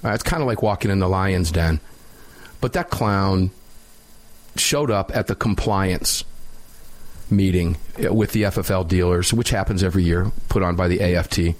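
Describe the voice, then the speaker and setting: Male talk radio host, low register, sarcastic, casual banter. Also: moderate pace. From United States. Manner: opinionated, sarcastic, laughs while mocking.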